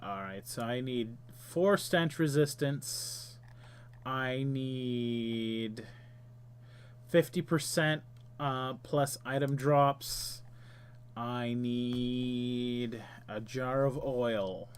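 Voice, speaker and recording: A man's voice: mid-range voice, extremely slow, clean tone. A man hosting a game stream, chatting casually and reading the game's text aloud while muttering to himself as he plays.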